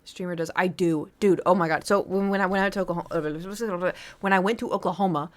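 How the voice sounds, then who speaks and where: A woman's voice: lowish voice, steady tone, fairly quick. Young woman streamer telling rambling stories. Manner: rambling storytelling with lots of fillers. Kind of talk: casual chat on a live stream.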